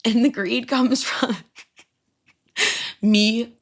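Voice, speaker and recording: A woman's voice: a little high, steady tone, drawn-out words. A young woman hosting her own podcast, rambling casually and swearing often, laughing at her own stories about working as a server. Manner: rambling, profane, self-amused, laughs often. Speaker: podcast host. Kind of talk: casual solo podcast chat.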